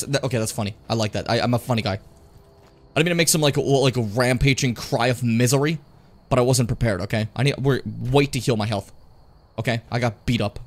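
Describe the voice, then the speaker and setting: A male streamer casually narrates his own gameplay, swearing freely and lurching from easy chatter into sudden shouts. His voice is medium in pitch and his manner animated.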